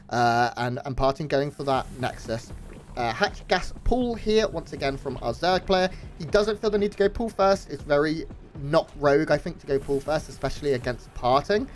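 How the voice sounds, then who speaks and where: High-voiced male play-by-play caster. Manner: brisk play-by-play, easygoing. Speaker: esports commentator. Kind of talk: live game commentary.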